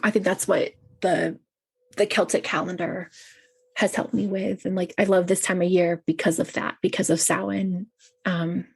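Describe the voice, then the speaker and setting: A woman's voice: lowish voice, level tone, moderate pace, gravelly, breathy edge. A woman who works as a chaplain, a podcast guest, speaking earnestly and telling personal stories with frequent fillers. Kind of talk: personal conversation.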